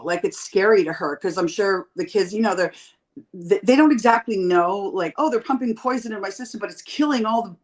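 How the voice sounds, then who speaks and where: A woman in her fifties chats with blunt, profane humor. She tells stories animatedly, jumping into quoted voices, and her voice sits in a middle pitch. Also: rough recording. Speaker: podcast guest. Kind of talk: candid casual chat.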